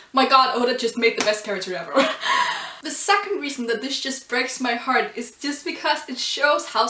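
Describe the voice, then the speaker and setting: A woman's voice: high voice, a bit bright. A woman reviewing a comic chapter in a casual video, gushing and emotional, with many ums and laughs. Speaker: anime and manga reviewer. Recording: roomy and distant from the mic.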